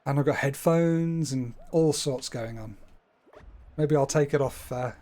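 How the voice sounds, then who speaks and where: A man's voice: mid-range voice, a little slow, dark tone. A man streaming live, talking through his gameplay in a chatty, playful way with wordy asides. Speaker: gaming streamer.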